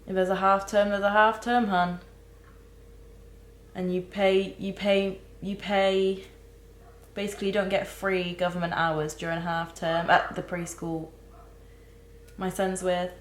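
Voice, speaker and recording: A young woman recording a candid personal vlog, talking haltingly with many restarts and close to tears. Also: medium pitch, flat delivery, reverberant, rough recording. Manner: halting, searching for words, many fillers and restarts. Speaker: vlogger.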